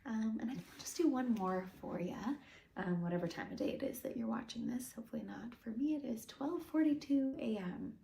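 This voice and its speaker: A woman singer-songwriter talking casually and softly between songs, quick and offhand, with many ums. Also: fairly high pitch, vocal fry. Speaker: singer-songwriter performing a guest set. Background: her own acoustic guitar.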